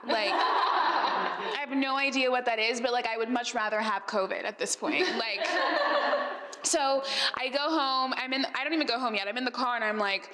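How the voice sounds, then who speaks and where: At a live Q&A in an event space, an Arizona woman who hosts a podcast spins chatty stories packed with "like" and laughter. Her high-leaning voice sounds pushed and bright at normal speed, and the hall gives it a long reverb.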